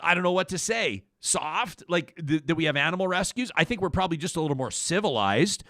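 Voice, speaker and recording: A man's voice: fairly high pitch, lively intonation, fairly quick, bright, forceful tone, no echo, clean studio sound. A man hosting a talk show, chatting casually in a rambling, jokey way and often cutting himself off mid-sentence. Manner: rambling, self-interrupting, jokey. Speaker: host.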